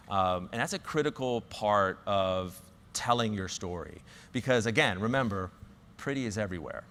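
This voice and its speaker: A man's voice: on the low side, expressive, normal speed, fairly bright tone, slight background noise. Southern man giving a talk in a big hall. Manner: storytelling, restarts and fillers. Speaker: conference speaker. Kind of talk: conference talk.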